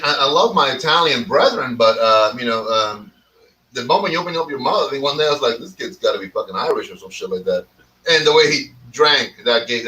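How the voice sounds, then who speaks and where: A man's voice: medium pitch, pushed and bright, far from the mic, rough recording. A man hosting a casual cigar talk show with his friends, rambling and teasing with plenty of swearing. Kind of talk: casual chat.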